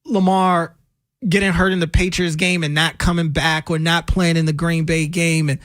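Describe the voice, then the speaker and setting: A man's voice: on the high side, little pitch movement, normal speed, a bit bright, no room sound, clean studio sound. A man co-hosting a sports talk radio show, talking casually and getting fired up over his opinions. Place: radio studio. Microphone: studio microphone.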